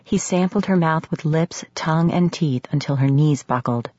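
Low husky woman narrating. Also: normal speed, warm tone, no echo. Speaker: audiobook narrator. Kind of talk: scripted romance narration. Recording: slightly muffled studio audio.

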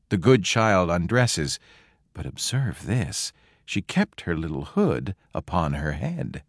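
A man reading a fairy tale aloud in a slow, expressive storytelling manner. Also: low-pitched, no room sound, studio quality.

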